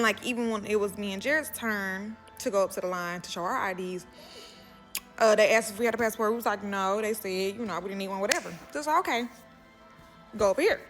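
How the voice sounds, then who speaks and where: A woman telling a personal story in a casual, animated way, full of "like" and "you know what I'm saying". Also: mid-range voice.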